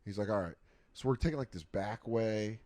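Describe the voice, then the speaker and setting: A man's voice: fairly low pitch, fairly quick, mellow, no room sound. A man co-hosting a podcast, telling crude, rambling stories in casual banter and acting out the quotes. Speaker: podcast co-host.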